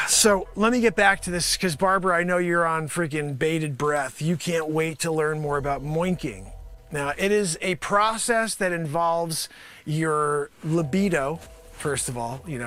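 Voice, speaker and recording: Guy riffing a comedy bit, high bright voice, bouncy and rambly. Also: measured pace. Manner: animated, rambling, shouts now and then. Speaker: comedian host. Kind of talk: improvised comedy monologue. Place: home studio with green screen.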